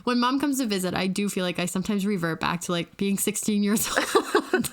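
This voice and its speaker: A woman's voice: medium pitch, brisk. A woman co-hosting a podcast, chatting casually and telling a family story, often breaking into laughter. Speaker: podcast co-host.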